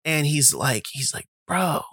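A man tells a rambling, profane story in a casual podcast monologue, full of fillers and asides. His voice sits a bit high and comes across bright and forceful. The sound is dry and close. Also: animated, measured pace, no room sound. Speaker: podcast host.

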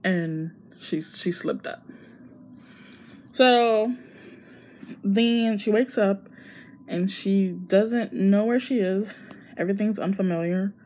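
A woman's voice: mid-range voice, slow pace, long pauses, a little mellow. A young woman casually retelling a story, chatty with lots of fillers.

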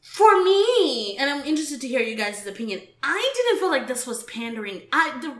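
High bright woman, animated and laughing. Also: normal speed, reverberant. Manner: animated, laughing, swearing freely. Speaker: podcast co-host. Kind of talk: casual political chat.

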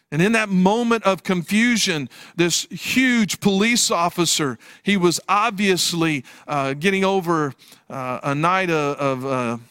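A man's voice: fairly high pitch, fairly bright tone, no echo, clean studio sound. A man preaching a sermon as pastor, telling a personal story earnestly with frequent restarts and fillers.

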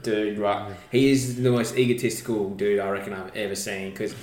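A man's voice: fairly low pitch, flat delivery, normal speed, a little mellow. A man co-hosting a podcast, telling stories animatedly and swearing freely. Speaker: co-host. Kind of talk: casual podcast chat. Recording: echoey room.

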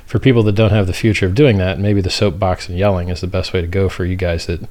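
A man's voice: low-pitched, little pitch movement, fast, darkish tone. An American man as a guest in a casual interview, speaking bluntly and emphatically, often ranting.

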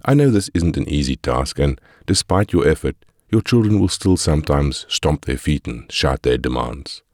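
A man with an extremely deep voice reads a parenting guide aloud in measured, instructive short phrases. The recording is dry and close, with no room sound. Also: lively intonation, darkish tone, dry recording. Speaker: audiobook narrator. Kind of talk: scripted narration of a parenting guide.

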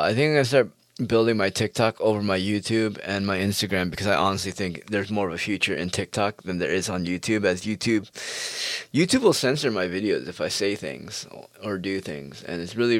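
A man talks alone on his podcast in a low voice, rambling and profane, mocking others as he goes. The sound is dry and close, with no room around it. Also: a little fast, no room sound. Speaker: podcast host. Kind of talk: casual solo podcast monologue.

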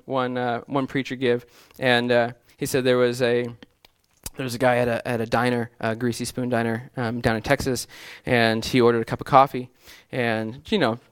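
A man's voice: mid-range voice, clear, resonant tone, no room sound, clean studio sound. A man preaching a sermon in an earnest way, often restarting phrases and building to emphatic lists. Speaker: pastor.

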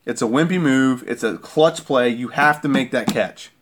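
A man in a worked-up football rant, his voice sitting in a middle pitch. He talks as an irate fan, hammering the same points over and over and checking in with a pointed "okay?". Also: moderate pace, a bit bright. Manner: irate, repeats himself, keeps asking "okay?". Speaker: sports fan vlogger. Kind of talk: heated sports rant.

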